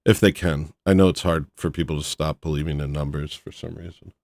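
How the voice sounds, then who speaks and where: A man hosting a livestream in casual banter, deadpan and mumbling with fillers. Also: very deep voice, a little fast, creaky, no room sound, clean studio sound. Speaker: livestream host.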